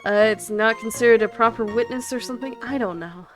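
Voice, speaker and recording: A woman's voice: on the high side, brisk. A woman commentating casually while playing a game, giggly and self-mocking. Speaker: gameplay commentator. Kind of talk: let's play commentary. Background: game music.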